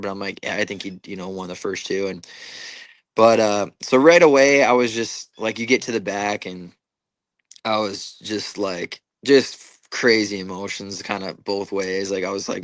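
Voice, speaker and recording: A young man with a fairly low voice recounts his fight night in loose, rambling speech, full of "like" and "you know" and casual swearing. The sound is dry and close. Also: steady tone, moderate pace, a bit bright, no echo. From Minnesota, USA. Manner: casual, profane storytelling with many fillers and restarts. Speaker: MMA fighter, interview guest. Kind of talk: casual interview chat.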